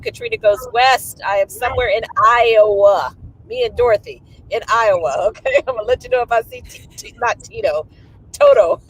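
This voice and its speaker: A woman's voice: on the high side, husky, low-quality recording. A woman co-host joining a live talk show from a car on the road, playful and joking. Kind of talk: casual live chat. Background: car and road noise.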